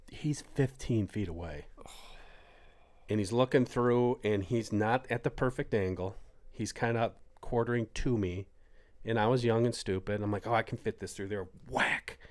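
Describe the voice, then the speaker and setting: A middle-aged man telling a hunting story on a podcast in casual chat, acting out quotes with sudden jumps in pitch. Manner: animated, acts out quotes with big pitch jumps.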